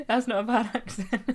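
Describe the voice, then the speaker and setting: A woman, streaming a game and chatting in a giggly, rambling way. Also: fairly high pitch. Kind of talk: casual gameplay commentary.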